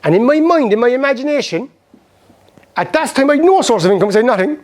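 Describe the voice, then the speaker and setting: Middle-aged Irish man, high-voiced, fast, animated storyteller at a motivational seminar. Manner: rapid, animated storytelling that acts out past conversations. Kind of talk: motivational seminar talk with personal stories.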